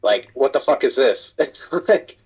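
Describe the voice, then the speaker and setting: A man's voice: medium pitch, expressive, slow, a little mellow, slightly rough, poor audio. A man, a kitchen supervisor, telling a work story in casual chat and swearing a lot. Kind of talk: casual chat while gaming.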